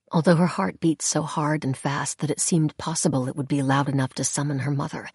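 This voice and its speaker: A woman reads a novel aloud in measured, deliberate storytelling. Her voice is low and husky with a gravelly edge. The recording is close and dry. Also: a little mellow, no echo. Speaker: audiobook narrator. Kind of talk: scripted narration.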